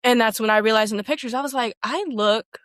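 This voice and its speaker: A woman's voice: a little high, fairly even intonation, very fast, fairly bright tone, no echo. Woman, thirties, candid interview guest, emphatic, casual swearing, dry close sound. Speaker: podcast guest, former teacher and coach.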